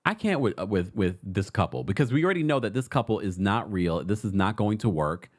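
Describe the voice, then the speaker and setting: A man hosting a casual pop culture gossip show, animated and sassy, laughing often as he comments. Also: lowish voice, brisk.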